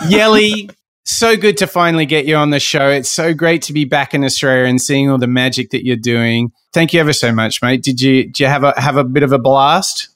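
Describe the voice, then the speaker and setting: A man's voice: medium pitch, a little fast, a bit bright, no room sound, clean studio sound. A man hosting a podcast, chatting casually and playfully as he thanks listeners and guests and signs off the episode. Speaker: podcast host.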